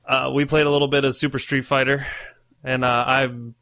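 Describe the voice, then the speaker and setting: Bright-voiced laid-back male podcaster. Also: flat delivery, normal speed, no room sound. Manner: laid-back, rambling, laughs into high squeals when telling stories. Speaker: podcast co-host. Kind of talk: casual chat.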